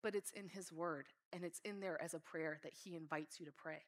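A woman's voice: low-pitched, steady tone, fairly quick. A woman preaching a sermon in an earnest, heartfelt way. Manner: earnest, reads scripture aloud with feeling.

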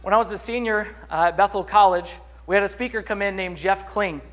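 A man's voice: high voice, fairly quick, fairly bright tone. A man preaching a sermon as a pastor, telling a story and acting out the voices in it. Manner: storytelling, acts out quoted voices.

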